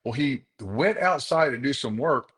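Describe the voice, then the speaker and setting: Guy telling his group a story, earnest, keeps repeating words to hammer a point, mid-pitched voice. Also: animated, moderate pace, fairly bright tone. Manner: addresses the group directly. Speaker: chiropractor leading a group session. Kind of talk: motivational storytelling talk.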